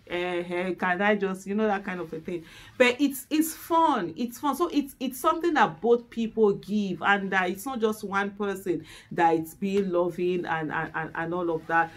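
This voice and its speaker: A woman with a Nigerian accent chatting candidly to the camera as host, openly emotional and laughing loudly. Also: medium pitch, very animated, moderate pace.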